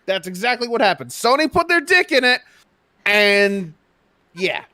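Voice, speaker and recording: A man's voice: sits high, very animated, a little slow, bright, forceful tone. A man on a casual stream explaining his point through a crude, acted-out analogy. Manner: storytelling with crude analogies, acts out voices. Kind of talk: casual livestream chat.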